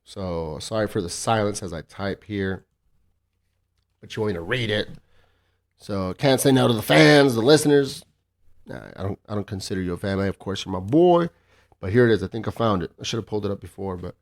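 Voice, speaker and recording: A man's voice: on the low side, expressive, brisk. A man in his thirties hosting a solo podcast, swearing freely and ranting in a cocky, casual way. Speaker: podcast host.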